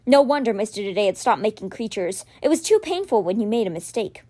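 A woman reading a children's fantasy novel aloud for a podcast, with expressive, dramatic storytelling. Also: medium pitch, fast talker. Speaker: podcast reader.

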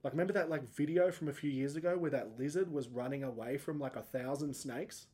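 A man's voice: mid-range voice, brisk, a little mellow. A man in his thirties hosting a solo podcast, rambling and self-mocking, his voice cracking upward when he gets emotional. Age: 30s. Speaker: podcast host.

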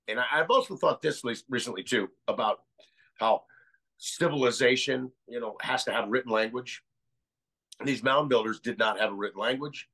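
A man's voice: mid-range voice, a bit bright, poor audio. An American man as a podcast guest, talking casually and rambling through ideas with many restarts. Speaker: guest researcher.

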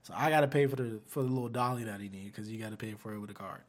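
A man's voice: fairly low pitch, very fast. A young man hosting a podcast, telling a story in casual chat. He laughs as he talks and acts out the voices of other people. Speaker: podcast co-host.

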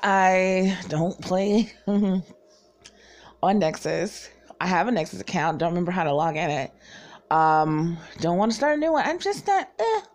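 A woman's voice: mid-range voice, darkish tone. A woman from the Southern US with no regional accent, casually telling stories in a chatty, profane way and laughing often. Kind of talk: casual storytelling chat.

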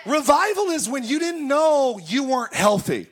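High-voiced preacher, storytelling with shouts. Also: male voice, big pitch swings, moderate pace, creaky. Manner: storytelling, bursts into shouted exclamations. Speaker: pastor. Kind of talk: sermon. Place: church service.

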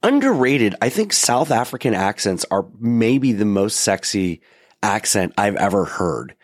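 A man co-hosting a podcast jokes and pokes fun at himself in casual chat, restarting his sentences often. His lowish voice is very animated at a measured pace, and the recording is dry with clean studio sound.

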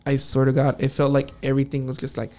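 A man co-hosting a podcast, telling a story in a casual, animated way, swearing freely and acting out what people said. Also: medium pitch, fast talker. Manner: animated, profane, acts out quotes. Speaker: podcast co-host.

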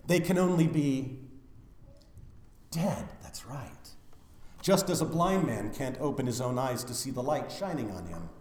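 A man preaching a funeral sermon as pastor, swinging from loud declarations to hushed, near-whispered lines. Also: mid-range voice, sing-song, unhurried, reverberant.

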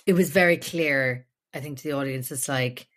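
At normal speed and with an extremely low-pitched voice, a young podcast co-host chats casually. She rambles freely, using lots of fillers and starting over often.

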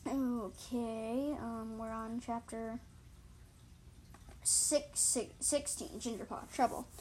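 A woman's voice: a little high, steady tone, slow pace, darkish tone, a little hiss or hum, poor audio. A woman reading her own story aloud, often tripping over words and correcting herself. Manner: frequent slips and self-corrections. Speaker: reader.

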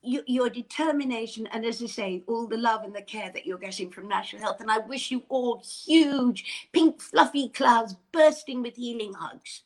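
A woman's voice: fairly high pitch, moderate pace, few pauses. Bubbly, effusive older woman. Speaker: interview guest. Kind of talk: casual chat.

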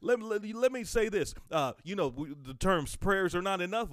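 A man's voice: high-pitched, expressive, normal speed, few pauses, a bit bright, no room sound, clean studio sound. A man preaching on his podcast in a fervent way, building to emphatic outbursts and repeating phrases for force. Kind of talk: sermon podcast.

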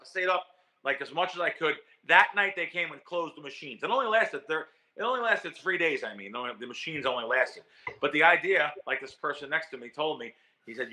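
A man being interviewed as a guest, telling a story in a lively, emotional way with frequent restarts and repeated words. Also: a little high. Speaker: guest, professional sports bettor.

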